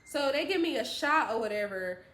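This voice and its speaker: A woman vlogger telling a story in a casual, animated, slangy way, talking straight to her viewers. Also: high-pitched, a little fast, echoey room.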